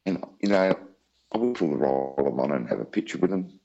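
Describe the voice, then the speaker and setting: Very deep-voiced Australian man. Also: expressive, a little fast, vocal fry, dark tone, muffled recording. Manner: chatty, rambling with many asides. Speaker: interview guest. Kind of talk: storytelling in an interview.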